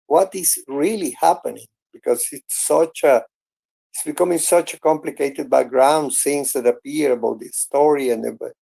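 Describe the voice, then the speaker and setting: In a casual chat in an online audio room, the host, a Venezuelan man whose first language is Spanish, sounds earnest, gravelly, and mellow, with a slightly high voice. He halts frequently, restarting his sentences and leaning on "I mean."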